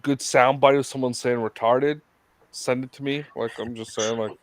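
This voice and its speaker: A man's voice: mid-range voice, steady tone, normal speed, no echo. A man tossing off flippant jokes in a casual chat. His voice sits mid-range, and the recording is close and dry, with no room sound. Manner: joking, flippant.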